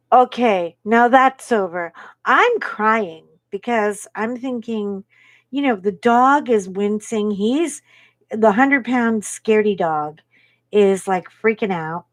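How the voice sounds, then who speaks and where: Woman, live stream host, casual storytelling, acts out quotes, mid pitch, dry close sound. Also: dry recording. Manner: lively anecdote-telling, acting out quoted people. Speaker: livestream host.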